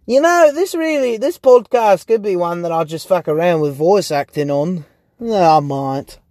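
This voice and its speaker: A man's voice: high-pitched, expressive, a little slow, long pauses, darkish tone, no echo, studio quality. Profane rambling young man in a car. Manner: profane, rambling, laughs often. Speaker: podcast host. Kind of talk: casual rambling monologue. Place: inside a parked car.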